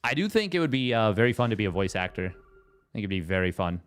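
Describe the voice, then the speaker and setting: A man's voice: lowish voice, sing-song, fast, clear, resonant tone. A man doing casual live commentary on a strategy game match, playful and self-mocking, wandering into joking asides. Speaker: esports caster.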